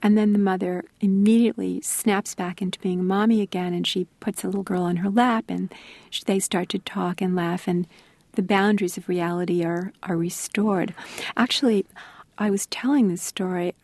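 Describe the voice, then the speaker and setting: A middle-aged woman, an author being interviewed, telling stories in a thoughtful, soft-spoken way that sometimes sinks to a near-whisper. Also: mid-range voice, fairly even intonation, moderate pace, dry recording. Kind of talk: reflective interview storytelling.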